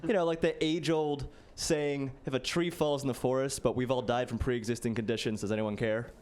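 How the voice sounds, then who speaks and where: A man's voice: medium pitch, steady tone, a little fast, darkish tone, clean tone. A man in his late twenties doing a casual, self-deprecating stand-up set, peppered with "like.". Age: late 20s. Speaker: stand-up comedian. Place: stage before a live audience.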